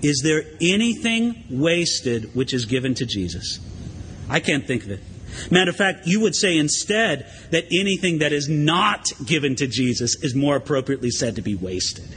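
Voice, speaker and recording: High-voiced guy preaching, chatty and animated, big reverby church sound. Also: moderate pace, a little hiss or hum. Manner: animated, conversational preaching with acted asides. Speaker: pastor. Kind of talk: sermon. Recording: long hall reverb.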